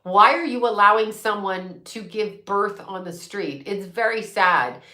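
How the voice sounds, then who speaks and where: A woman's voice: mid-range voice, a little slow, sharp tone, echoey room. A woman host ranting in a blunt, profane, sarcastic way, laughing often as she chats to her viewers. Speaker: psychic medium host. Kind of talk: casual live-stream rant.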